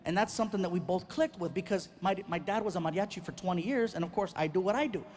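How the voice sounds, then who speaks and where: High-voiced animated stand-up comedian. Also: male voice, fast talker, a little hiss or hum. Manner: animated, acts out every exchange. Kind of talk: stand-up storytelling.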